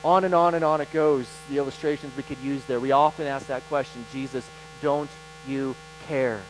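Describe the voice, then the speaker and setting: Male pastor, sermon, higher voice, emphatic and animated, slight hum on the line. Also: rough recording. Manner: animated, emphatic preaching with dramatic pauses.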